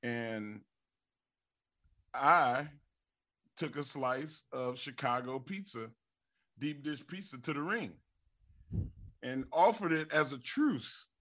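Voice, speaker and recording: An animated middle-aged man swaps wrestling stories on a podcast, his voice rising and falling as he acts out what people said. He talks loosely and warmly with his co-hosts, often laughing as he goes. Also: mid-range voice, takes it slowly, pauses often. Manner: animated storyteller, acts out quotes with stammers and laughs. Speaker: podcast co-host, former wrestler. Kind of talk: casual storytelling.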